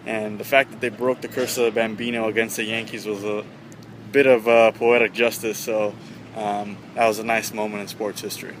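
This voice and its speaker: A man's voice: lowish voice, level tone, fairly quick. A man hosting a travel show, giving matter-of-fact commentary to the camera outdoors. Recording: street noise behind.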